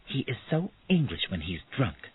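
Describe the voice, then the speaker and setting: A cool, disdainful young woman, as a male reader puts her on, lifted well above his own voice into a thin, husky tone. The sound is dry and tinny, like a phone line. She is polite on the surface, with a hard edge underneath. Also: on the low side, sing-song, moderate pace, voice pushed up, exaggerated voice. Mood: cold. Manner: sugary then icy, hard.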